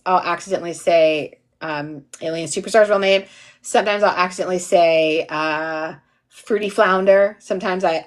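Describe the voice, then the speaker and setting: A lowish, slightly bright voice belongs to a tired woman in her forties, an instructor casually goofing around with livestream viewers. She reads their names from chat and laughs frequently.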